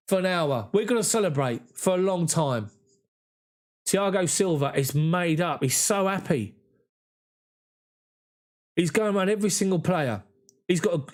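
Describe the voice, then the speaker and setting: A man giving emotional, excited live fan commentary on a match. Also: a little high.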